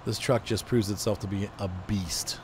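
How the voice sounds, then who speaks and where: A man's voice: on the low side, fairly even intonation, normal speed, background noise. Congested man rambling over gameplay. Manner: rambling, thinks aloud while driving, self-corrects. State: congested from allergies. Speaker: game streamer. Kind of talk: casual gameplay commentary.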